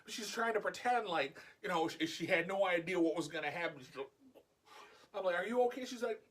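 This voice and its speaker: A man vlogging a casual personal story, animated and acting out the dialogue. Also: high voice, a little fast.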